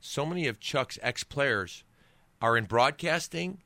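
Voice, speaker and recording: Animated man telling stories, bright voice. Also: mid-range voice, measured pace, no room sound. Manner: animated storyteller with many restarts. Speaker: guest, former pro football player and author. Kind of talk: casual storytelling interview.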